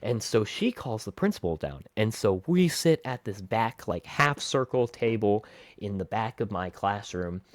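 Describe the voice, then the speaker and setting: A man telling a story from his school days in an animated, expressive vlog. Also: fairly low pitch, a little slow, dry recording. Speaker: vlogger.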